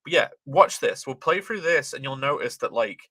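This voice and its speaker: Lively, bright-voiced British man. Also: mid-range voice, moderate pace, husky, no room sound. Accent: British, slightly posh. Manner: rambling, swears casually. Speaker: animator and video host. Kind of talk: casual commentary.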